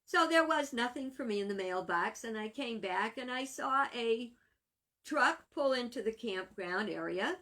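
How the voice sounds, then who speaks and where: Bright-voiced woman minister, slow and chatty. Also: a little high, expressive. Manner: chatty, laughs often. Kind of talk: casual storytelling vlog.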